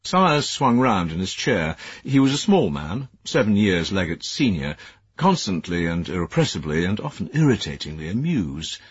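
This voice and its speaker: A man narrating an audiobook in a measured, expressive storytelling manner. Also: sits low, slightly rough, dry recording. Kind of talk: scripted narration. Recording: dull, dry lo-fi studio audio.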